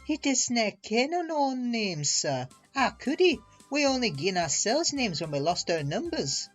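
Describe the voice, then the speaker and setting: A man's voice: very high voice, very animated, a little slow, fairly bright tone, faint music behind, pitched above the performer's own voice, exaggerated voice. A man doing cheeky Scottish twin engines. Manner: sly, innocent, lilting.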